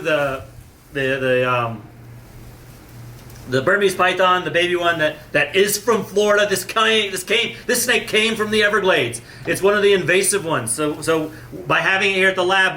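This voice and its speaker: Man, animal-center owner, excitable, stumbles over words, bright tone, faint room ambience. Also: sits high, a little hiss or hum. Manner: enthusiastic, gets emotional. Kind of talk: casual video talk to viewers.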